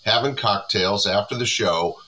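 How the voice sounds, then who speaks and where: A man in his sixties, a comedy club owner, chatting casually as an interview guest with relaxed rambling. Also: fairly low pitch, unhurried, rough recording.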